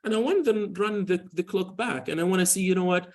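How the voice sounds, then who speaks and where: A man in his forties with a slightly high voice gives a hospital lecture on skin medicine. His speech rambles, often looping back through "you know" and restarts. He tells patient stories in an easygoing, informal way. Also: brisk, darkish tone. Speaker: dermatologist giving a hospital lecture.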